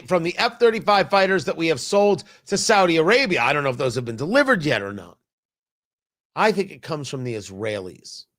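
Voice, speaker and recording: A man's voice: on the high side, a bit bright. A man hosting a talk show, giving an opinionated and emphatic political commentary monologue with a mocking edge at times.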